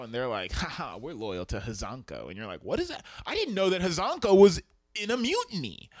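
A man's voice: high voice, no room sound, clean studio sound. A man co-hosting a podcast in casual chat, who laughs often and acts out quotes.

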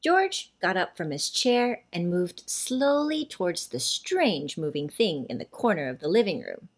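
A woman reading a children's story aloud, with slow, animated storybook narration. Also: lowish voice.

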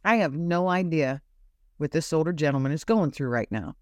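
A woman guest with a low-pitched, somewhat dark voice and lively intonation talks at a moderate pace about her personal faith. She repeats herself often, earnestly searching for the right words. The recording is dry and clean, studio grade.

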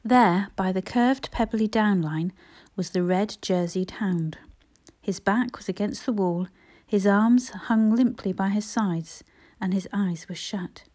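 Mellow woman reading a storybook. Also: mid-range voice, takes it slowly. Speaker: narrator. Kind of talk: audiobook reading.

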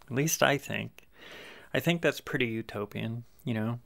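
A man hosting his own show, chatting casually and haltingly about writing his stories, with many fillers and restarts. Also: medium pitch, gravelly, a bit bright. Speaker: podcast host and fiction writer.

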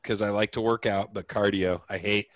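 Male podcast co-host, lowish voice, hesitant and rambling, dry close sound. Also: steady tone, normal speed, a bit bright, dry recording. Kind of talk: casual chat.

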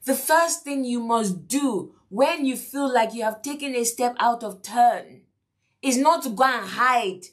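A woman's voice: fairly high pitch, expressive, a little slow. A woman preaching a sermon lesson, repeating key lines, asking the listeners questions and acting out the quotes. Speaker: preacher and teacher.

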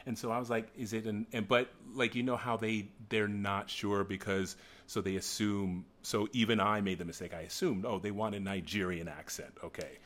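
A middle-aged man with a lowish voice talks as a guest on a chat show. He rambles in an animated way, restarting sentences and breaking into laughs as he tells stories. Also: normal speed, hardly any pauses. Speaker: guest actor. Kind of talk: casual chat.

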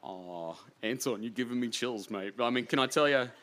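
A man with an Australian accent, an author telling heartfelt stories in an earnest, rambling way that swings between hushed and animated. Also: medium pitch, moderate pace. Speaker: author guest. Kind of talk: emotional anecdotal storytelling.

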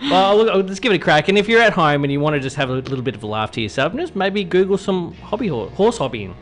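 A man's voice: a little high, very animated, fast talker, a bit bright, faint music behind. A man co-hosting a drive-time radio show, bantering casually and teasing his co-host with frequent laughs. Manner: joking, teasing, laughs often.

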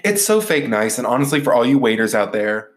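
A man's voice: mid-range voice, very animated, fairly quick. A man co-hosting a podcast in a playful, jokey way, laughing often. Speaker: podcast co-host. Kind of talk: casual podcast chat.

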